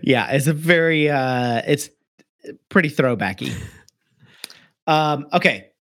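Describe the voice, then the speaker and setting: A man hosting a casual podcast, prompting his co-host and cutting in with quick corrections. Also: on the high side, fairly bright tone, dry recording, studio quality.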